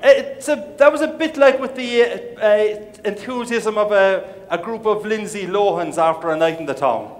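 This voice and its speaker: A man's voice: sits high, moderate pace, few pauses. A middle-aged man with an Irish accent giving a comic keynote speech, a playful storyteller full of jokey asides. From Ireland. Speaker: keynote speaker. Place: large conference hall. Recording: long reverb of a large hall.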